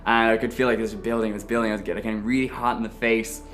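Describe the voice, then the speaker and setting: A man with an Irish accent, telling his own story to camera in a frank, animated way. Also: lowish voice, rapid-fire, soft background music. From Ireland. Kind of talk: personal testimony to camera.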